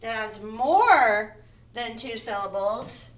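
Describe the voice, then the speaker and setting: A woman teaching young children to read, speaking at a slow, deliberate pace. Her voice sits fairly high, and she repeats each word and sounds out its syllables with care. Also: animated, a bit bright, a little hiss or hum, rough recording. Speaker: first grade teacher. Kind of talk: phonics lesson for young children.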